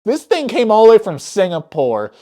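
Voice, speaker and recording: A woman giving a casual, spoiler-filled movie recap, excitable and swearing often, who breaks off her phrases mid-thought. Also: mid-range voice, normal speed. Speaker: movie reviewer.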